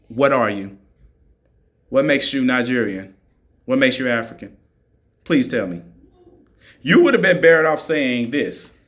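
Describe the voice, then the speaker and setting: A man's voice: on the high side, fairly bright tone. A man ranting on a live stream, mocking his listeners and firing the same rhetorical questions at them again and again. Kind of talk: argumentative live-stream rant.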